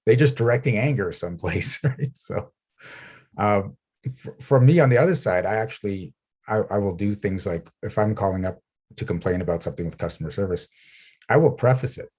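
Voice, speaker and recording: A man talks as a guest over a video call, spinning anecdotes and laughing between them. His voice sits a little low and carries a husky edge. He slips into little acted-out quotes as he goes. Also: brisk. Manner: animated storyteller, laughs often, acts out quoted people. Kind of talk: casual interview chat.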